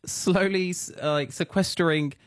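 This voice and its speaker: A man's voice: sits high, normal speed, no room sound, clean studio sound. A man with an Australian accent co-hosting a casual chat show, telling stories and laughing often. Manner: chatty, laughing, puts on voices for quotes. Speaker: co-host.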